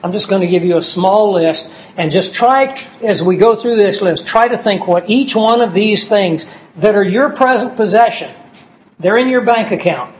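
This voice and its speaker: A man preaching a sermon, slowing down to stress key words as he lists scripture passages. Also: high-pitched, poor audio. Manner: slow and emphatic on key words, citing scripture verses.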